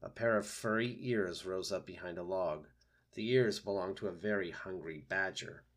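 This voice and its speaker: A man narrates a children's book in a lowish voice. His delivery is steady and gentle. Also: normal speed. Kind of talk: reading a children's book aloud.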